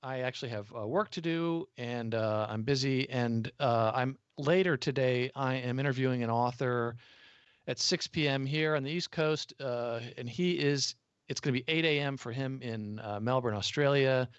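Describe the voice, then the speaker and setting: A man's voice: mid-range voice, moderate pace, clear, resonant tone, no echo. An American man, a podcast host appearing as a guest, chatting casually over a video call with lots of uh fillers. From United States. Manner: relaxed, chatty, frequent uh fillers. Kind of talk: casual interview chat. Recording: dry, slightly dull video call audio.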